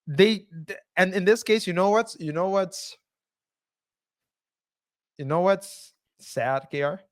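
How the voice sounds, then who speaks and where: A man co-hosting a casual commentary podcast, speaking haltingly, restarting sentences and chuckling often. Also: high-pitched, lively intonation. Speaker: podcast co-host.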